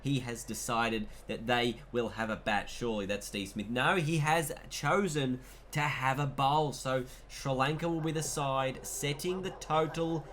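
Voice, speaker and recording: A man with an Australian accent commentating a cricket video game as he plays, mixing play-by-play calls with excitable asides. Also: medium pitch, unhurried, slight background noise. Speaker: gaming commentator.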